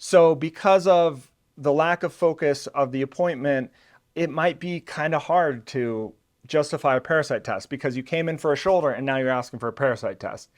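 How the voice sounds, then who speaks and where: A man talks to his viewers in an easygoing, conversational way, with a mid-range voice and the odd "uh" and "you know". He explains step by step, like a channel host giving practical tips, and he pumps up the energy when he acts out what a patient might say. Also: mid-range voice. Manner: conversational and reassuring, with loose fillers; acts out quoted patients with sudden emphasis. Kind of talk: casual explainer to camera.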